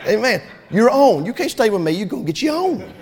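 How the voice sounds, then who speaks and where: Man, pastor preaching, high pitched, fervent, long church reverb. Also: big pitch swings, brisk. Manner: fervent preaching, swings from loud to soft. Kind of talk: sermon. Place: church sanctuary.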